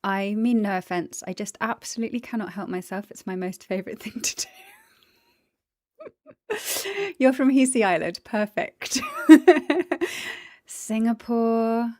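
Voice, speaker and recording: A woman's voice: a little high, expressive, slow pace, pauses often, a little mellow, dry recording, clean studio sound. A woman chatting casually on a livestream, greeting viewers, giggling, tired after the gym. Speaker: streamer.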